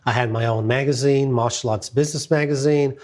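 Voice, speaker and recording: A middle-aged man telling a business success story as a lively, anecdotal monologue, acting out the quotes. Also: medium pitch, a little fast.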